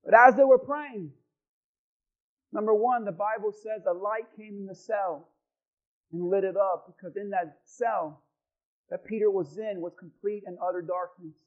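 Pastor, man, very high voice, fiery sermon with sudden drops to quiet, muffled lo-fi sound. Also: steady tone, a little slow. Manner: swings from loud shouting to quiet asides. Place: church hall with congregation.

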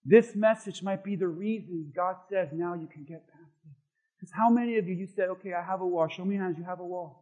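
A man preaching a sermon as pastor to a congregation, swinging between loud shouting and quiet, chatty asides. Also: high voice, fairly quick, muffled recording. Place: church sanctuary before a congregation.

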